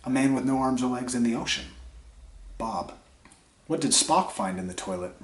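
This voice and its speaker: A man reading jokes aloud in a deadpan way, trailing off quietly after each punchline, while sick with a dry cough. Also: mid-range voice, moderate pace. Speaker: comedy vlogger. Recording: echoey room.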